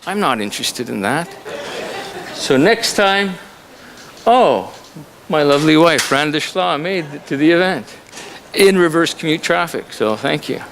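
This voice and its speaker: A Canadian college instructor jokes and chats as he introduces a visiting author to an audience in a lecture room. His voice runs on the high side, animated and a little slow, with a somewhat bright tone and slight background noise.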